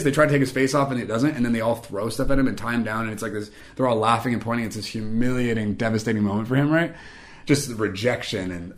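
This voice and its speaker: A man's voice: medium pitch, fast talker. A young man telling a personal story in a casual, chatty way, with lots of fillers and self-mocking humor.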